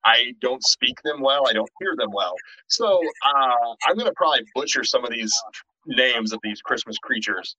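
A middle-aged man co-hosting a horror podcast in casual chat, animated, tripping over restarts and swearing freely. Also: mid-range voice, normal speed, no echo. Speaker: podcast co-host. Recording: dull, lo-fi and dry.

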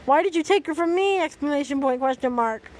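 A grieving young hero, as a woman reads him out, anguished and insistent in a storybook telling. The voice stays fairly high and plain, pushing harder on the outbursts. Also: normal speed, lightly acted.

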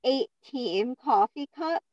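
High-voiced woman telling a story. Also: slow, no room sound, lo-fi sound. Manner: storytelling, relaxed and chatty. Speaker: podcast co-host. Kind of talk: casual chat.

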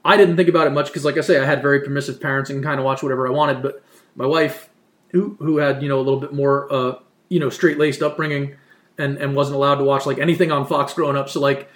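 A man's voice: mid-range voice, steady tone, quick pace. A man in his thirties from New Jersey, chatting casually and rambling with lots of "you know" and "like". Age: 30s. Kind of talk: casual chat. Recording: roomy echo.

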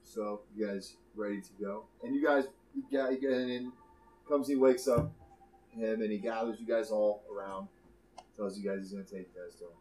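A man's voice: on the low side, steady tone, moderate pace, darkish tone, reverberant, low-quality recording. A man narrating as game master in a loose, casual way.

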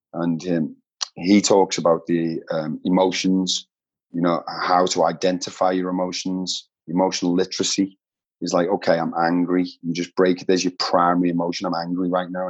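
Earnest man with husky low voice. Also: darkish tone. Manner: earnest, heartfelt, says "mate" often. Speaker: podcast guest. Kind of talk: emotional personal storytelling. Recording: dull lo-fi sound.

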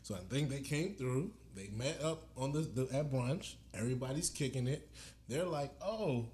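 A man tells a story in a casual chat, with speech. He slips into acted voices for the people in it and keeps an animated, storytelling manner. Faint noise runs under his voice. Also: mid-range voice, normal speed. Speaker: podcast co-host telling a story.

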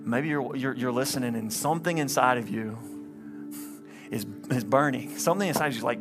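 A man preaching as a pastor in a church, pleading and impassioned, swelling loud and then dropping low during an altar call. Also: a little fast, music in the background. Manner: impassioned, rising to loud climaxes then hushed. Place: church sanctuary, livestreamed.

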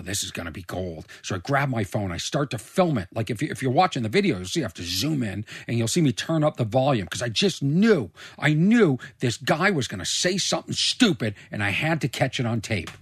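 A man in casual commentary, reacting to a reality show clip, animated and incredulous, sometimes putting on mocking impressions. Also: medium pitch, a little fast, breathy edge, no room sound, clean studio sound.

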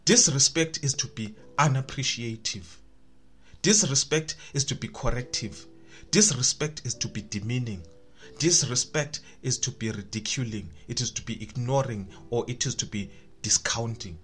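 A man's voice: medium pitch, moderate pace, a bit bright, soft background music. A man preaching a sermon, emphatic and repetitive, building to rising calls. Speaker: pastor.

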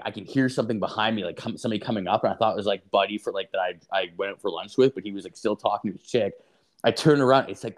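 Profane rambling man. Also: mid-range voice. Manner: rambling profane storytelling, heavy filler. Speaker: podcast co-host. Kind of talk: casual chat.

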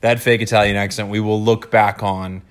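An American man hosting a casual podcast chat, playful and quick to laugh. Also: on the low side, level tone. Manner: playful, laughs often, jokey voices. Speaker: podcast host.

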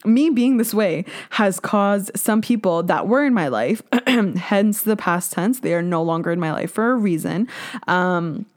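A young woman hosting a solo podcast, talking candidly and animatedly to her listeners, swearing freely and jumping into loud bursts of emphasis. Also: medium pitch, lively intonation, unhurried. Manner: talks to listeners directly, with many "like" and "um" fillers. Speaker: podcast host.

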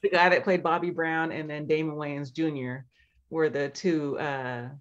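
A woman's voice: low-pitched, fairly even intonation, measured pace, lo-fi sound. A woman co-hosting a casual movie review podcast, asking questions and laughing easily. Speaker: podcast co-host.

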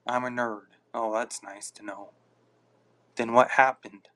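Male podcast host, unhurried casual rambler, reads and answers chat on a phone mic. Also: medium pitch, steady tone, a bit bright. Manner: rambling, reacts to listener comments aloud.

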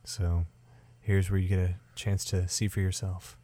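A man's voice: low-pitched, a little slow. A man co-hosting a podcast, chatting casually and joking dryly while watching a film. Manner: relaxed, opinionated, dry joking. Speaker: podcast co-host. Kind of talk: casual movie watch-along chat.

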